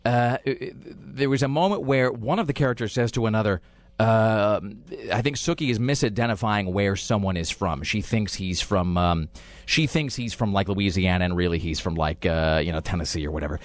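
A man's voice: fairly low pitch, moderate pace, hardly any pauses, no room sound. A man hosting a podcast, rambling sarcastically in casual chat about a TV show. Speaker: podcast host reviewing TV.

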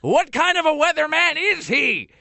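A man voicing an indignant old man who phones a station to complain, in a high, outraged voice. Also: sing-song, moderate pace, gravelly, sharp tone, dry recording, full character voice.

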